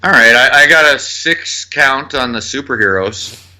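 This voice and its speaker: A man co-hosting a film podcast in loose, casual chat, swearing now and then as he reels off actors and their other roles. His voice is very bright and ringing, at a middling pitch for a man. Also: a little slow. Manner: loose and swearing, rattles off cast trivia. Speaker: podcast co-host.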